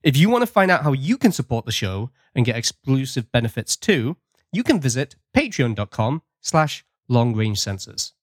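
A man's voice: medium pitch, very animated, moderate pace, no echo, clean studio sound. A man from Britain hosting a podcast, chatting casually and laughing often. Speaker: podcast host.

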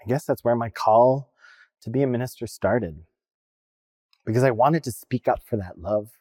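A non-binary minister with a male-sounding voice of ordinary pitch gives a personal sermon, earnest and reflective as the stories unfold. The voice sits close and dry with no room around it. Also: normal speed, warm tone, slightly rough, dry recording.

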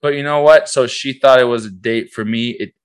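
A man's voice: medium pitch, steady tone, fairly quick, clear, resonant tone, no room sound. A young man, co-hosting a podcast and telling a rambling story in casual chat, acting out what others said. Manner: rambling, acts out quoted voices. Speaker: podcast co-host.

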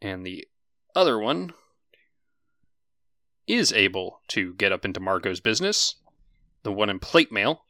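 A man running a tabletop game as game master, narrating monsters and guards in a casual, lively way and swearing freely. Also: on the low side, unhurried, long pauses, dry recording, studio quality.

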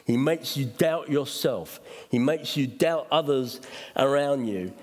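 A middle-aged man, a pastor, preaching a sermon in an animated way, acting out quotes and laughing at himself. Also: medium pitch, slow pace. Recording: long hall reverb.

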